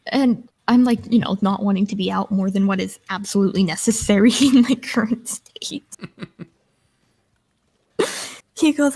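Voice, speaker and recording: Young woman, gravelly edge, rambling casual storyteller on a gaming stream. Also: a little high, moderate pace, long pauses, mellow, rough recording. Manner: chatty storyteller, many fillers. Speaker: guest streamer and artist. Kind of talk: casual chat while gaming.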